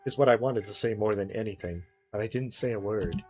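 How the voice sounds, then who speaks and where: Brief: a man playing a sorrowful girl's ghost with a quiet, wistful delivery, with game music behind. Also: on the low side, a little fast, natural voice, poor audio. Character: sorrowful ghost of a young girl.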